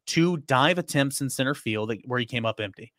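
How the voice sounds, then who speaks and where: A man's voice: mid-range voice, brisk, no room sound, studio quality. A man giving a casual sports recap as a reporter, telling stories with emphatic repetitions. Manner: animated storytelling, emphatic repetitions.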